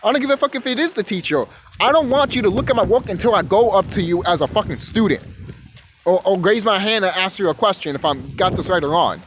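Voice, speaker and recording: A man's voice: high-pitched, lively intonation, fast, a bit bright, slight background noise, low-quality recording. A young man delivering a rambling, profane rant monologue, stumbling over and repeating words as he goes. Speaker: vlogger.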